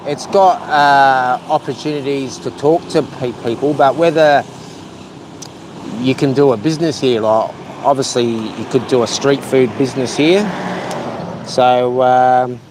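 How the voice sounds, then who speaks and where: A man's voice: mid-range voice, measured pace, noisy background. A man casually vlogging outdoors while walking the streets, chatting and rambling to his viewers. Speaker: travel vlogger.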